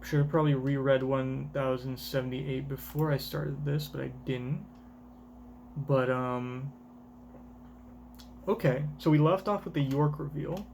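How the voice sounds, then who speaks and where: Male streamer, casual live reaction commentary; rambling, swears casually, unhurried. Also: mid-range voice, steady tone, creaky, a little mellow, a little hiss or hum.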